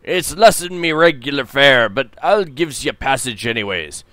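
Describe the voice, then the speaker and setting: A man's voice: mid-range voice, expressive, a little slow, pushed and bright, no room sound. A man voicing a drunken, greedy male pirate captain in a video game playthrough, with a boisterous pirate growl.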